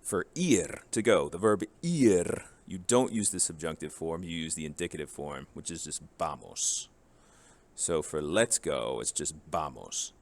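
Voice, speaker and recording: A man with a very low, deep voice runs a grammar lesson. His delivery is casual and joking, and he walks through forms one at a time. The tone stays relaxed and explanatory throughout. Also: unhurried. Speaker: Spanish teacher.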